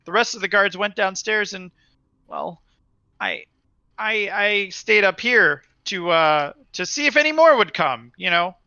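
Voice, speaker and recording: A terrified young guard stammers and rambles in a raised, bright voice, a man acting him out. He pleads and fumbles his words. The sound is dry and a little muffled. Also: high-pitched, expressive, a little slow, no echo, voice pushed up, full character voice. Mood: nervous. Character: frightened young male human guard, nervous and rambling.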